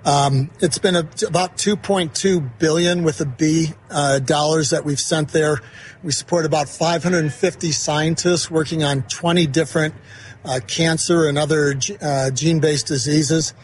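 A man with a somewhat high voice talks in a loose, chatty way, piling up fillers as he tells stories. A faint hum of ambience sits behind him. He is a company boss sitting in as a guest on a broadcast. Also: fairly even intonation, normal speed. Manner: chatty, storytelling with many fillers. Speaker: investment firm CEO, guest. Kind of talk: casual interview at a golf tournament. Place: outdoor broadcast studio at a golf event.

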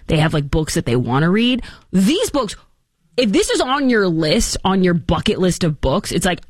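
A woman's voice: fairly low pitch, no echo, studio quality. A woman hosting a commentary show, talking in an opinionated, mocking way and acting out quotes. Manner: animated, mocking, acts out quotes.

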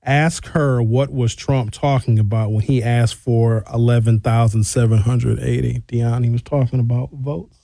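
A man's voice: medium pitch, fairly even intonation, normal speed, creaky, dark tone, no echo. A man hosting a radio talk show, reading listener texts aloud and answering them in a frank, conversational way from the studio. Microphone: studio microphone.

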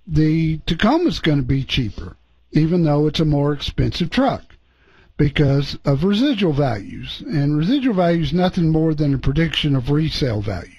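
A man's voice: fairly high pitch, darkish tone, breathy edge, no echo, lo-fi sound. A middle-aged man hosting a call-in radio show about cars, chatty and easygoing as he gives advice. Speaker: radio car show host.

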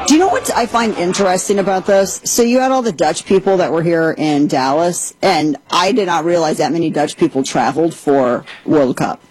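A woman's voice: lowish voice, moderate pace, few pauses, a little mellow, slightly rough, no echo, low-quality recording. A woman podcast host giving a casual commentary monologue, chatty and full of sarcastic asides.

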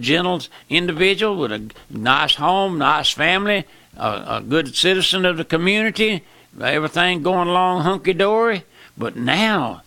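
A man preaching a sermon with impassioned pitch jumps, slowing down for emphasis and calling out "my friend" often. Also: creaky, sharp tone, no echo.

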